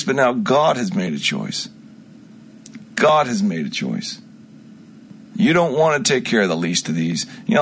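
Rambling low-voiced man on the radio. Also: husky. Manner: rambling, with many restarts and swings from loud to quiet. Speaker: self-styled prophet on a radio station. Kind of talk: unscripted radio monologue.

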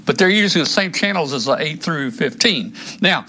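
A man's voice: fairly high pitch, expressive, moderate pace, bright, forceful tone, a little hiss or hum. A man hosting a casual live stream, rambling through radio settings with many restarts and fillers, a little out of breath. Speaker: show host demonstrating radios.

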